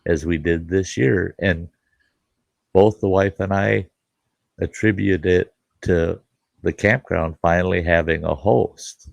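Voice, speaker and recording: Casually swearing, a middle-aged show host who runs a campground acts out both sides of a conversation while telling a folksy story in a relaxed chat. His voice sits low with vocal fry, and there's no room sound.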